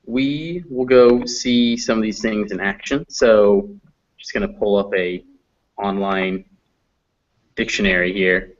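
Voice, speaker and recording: A man's voice: lowish voice, steady tone. Man patiently teaching pronunciation, muffled call audio. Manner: patient, explanatory, slows down to demonstrate sounds. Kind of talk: explaining phonetics in an online class.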